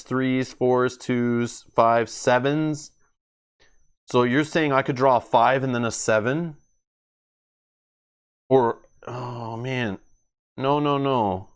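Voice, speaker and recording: This man's smooth, medium-pitched voice carries a casual solo card game stream from his gaming table at home. He reads cards while thinking out loud and frequently breaks into laughter.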